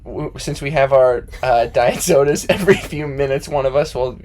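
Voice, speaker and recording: Homem animado num podcast. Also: male voice, mid-range voice, normal speed. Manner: laughing, animated storyteller. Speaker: podcast co-host. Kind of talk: casual chat. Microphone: close podcast mic.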